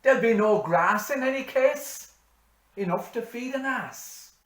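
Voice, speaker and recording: A man voicing a gloomy old Irish farmer with a Cork accent, who laments in a high, loud, forlorn wail. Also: lively intonation, measured pace, full character voice. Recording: echoey room.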